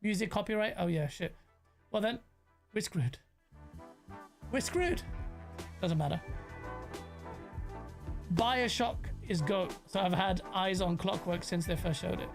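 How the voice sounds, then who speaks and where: A young British man with London slang, hosting a casual gaming reaction stream, animated and rambling as he banters with his chat. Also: sits high, unhurried, vocal fry, long pauses, faint music behind. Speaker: gaming commentator host.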